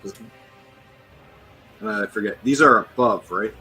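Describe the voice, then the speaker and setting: Low, bright-voiced man playing a tabletop game. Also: moderate pace, slightly rough, faint music behind, low-quality recording. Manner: matter-of-fact, hesitant while reading rolls. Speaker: player. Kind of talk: casual tabletop game play.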